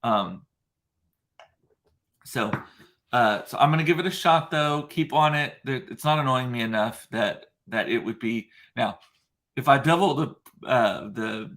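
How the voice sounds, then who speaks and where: A man with a deep, gravelly, somewhat bright voice hosts a casual livestream, chatting at an unhurried pace. He rambles through viewer comments, full of fillers and self-deprecating asides.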